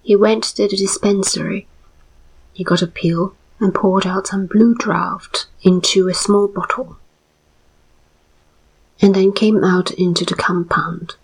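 Woman whispering a slow story reading. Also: fairly low pitch, breathy edge, rough recording. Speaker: narrator.

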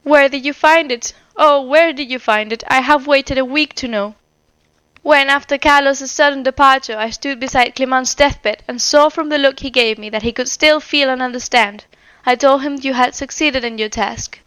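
A woman reader lends her voice to an anxious older lady in a storybook. She speaks in a smooth, slightly high voice that is fervent and faltering. The sound is close and dry. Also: fairly bright tone, no echo. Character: frail anxious older lady, pleading and tremulous.

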